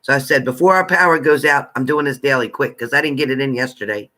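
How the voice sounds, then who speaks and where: A man's voice: medium pitch, fast talker, bright, forceful tone. A man hosting a live tarot stream, chatting casually and greeting viewers by name with familiar terms like honey.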